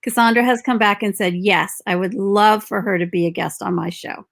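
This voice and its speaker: A woman's voice: medium pitch, steady tone, normal speed, vocal fry. Woman host of a live-streamed podcast, upbeat and encouraging. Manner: encouraging, upbeat, gently prompting.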